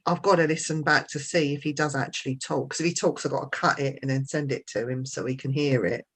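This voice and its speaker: A woman guest telling stories in a casual chat, chatty and quick to laugh. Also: very deep voice, steady tone, slightly rough.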